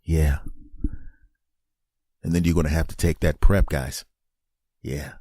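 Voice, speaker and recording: A man's voice: rumbling low, fairly even intonation, measured pace, dark tone, no room sound, clean studio sound. A middle-aged man hosting a solo comedy podcast, rambling and self-mocking, with an exasperated edge. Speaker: podcast host.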